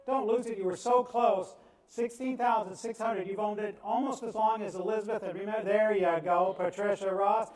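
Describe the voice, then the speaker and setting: Man auctioneer, high voice, rhythmic bid chant, roomy and distant sound. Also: steady tone, darkish tone. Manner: rapid rhythmic bid chant, cajoling bidders. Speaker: charity auctioneer. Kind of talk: live auction bid calling. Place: event venue on the Gulf coast. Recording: echoey room, voice from off-mic.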